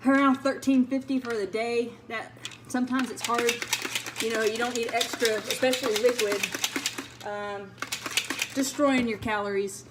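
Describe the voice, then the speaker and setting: A woman in her thirties, a fitness vlogger, talking casually and rambling with many fillers. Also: on the high side. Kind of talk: casual vlog talk. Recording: audible background noise.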